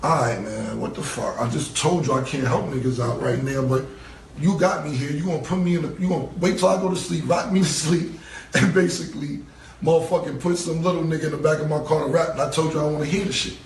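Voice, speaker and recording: A man's voice: on the high side, fast, a little hiss or hum. A man telling a long story in a casual interview, acting out what people said along the way. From New York. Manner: rambling, acts out quoted dialogue. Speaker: interview guest. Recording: roomy, distant-mic recording.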